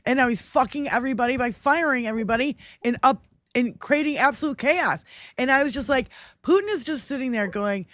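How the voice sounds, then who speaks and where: A woman's voice: high-pitched, expressive, a little fast, fairly bright tone, dry recording. Profane ranting woman, dry close sound. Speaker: livestream co-host. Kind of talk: casual political chat.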